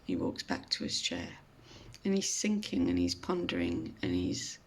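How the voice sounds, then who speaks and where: Slow gravelly woman telling a story. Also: very deep voice, sing-song. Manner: slow, gentle, reflective. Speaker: mindfulness speaker. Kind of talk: storytelling talk.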